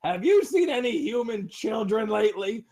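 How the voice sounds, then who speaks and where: A man's voice: high voice, sing-song, moderate pace, a little mellow, pitched above the performer's own voice. A jittery lizardfolk guard stammers through clumsy, fake-casual denials, as a man puts him on. The voice sits a little above the speaker's own and wobbles up and down, the way a figure sounds in a tabletop game. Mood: flustered. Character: nervous, evasive male lizardfolk guards.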